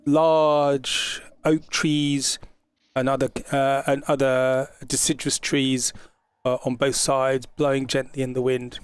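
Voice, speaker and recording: A man narrating as game master of an online tabletop game, halting with frequent fillers. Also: mid-range voice, flat delivery, clear, resonant tone, dry recording.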